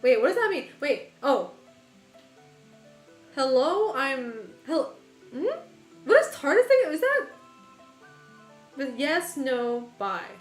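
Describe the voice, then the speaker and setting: A woman's voice: high-pitched, very animated, slow, pauses often. A woman streamer chatting casually with her viewers while gaming, laughing often and swearing casually. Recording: roomy echo with faint music behind.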